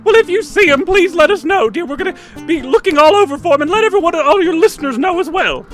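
A man's voice: very high voice, lively intonation, quick pace, a bit bright, faint music behind, pitched above the performer's own voice. A man voicing a prim, fussy older woman who gives etiquette tips and calls everyone dear. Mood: fretful. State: a little out of breath. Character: prim, fussy old lady etiquette expert. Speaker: comedy sketch character. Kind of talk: comic sketch on a radio show.

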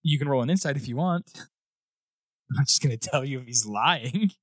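A man narrating as dungeon master in a relaxed, rambling way with frequent laughs. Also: mid-range voice, moderate pace, no echo, studio quality. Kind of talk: narrating a tabletop game.

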